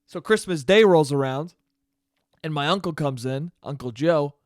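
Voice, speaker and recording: A young man hosting a solo podcast, telling stories in a casual, profane, animated way. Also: a little high, normal speed, no room sound, clean studio sound. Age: young adult. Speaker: podcast host.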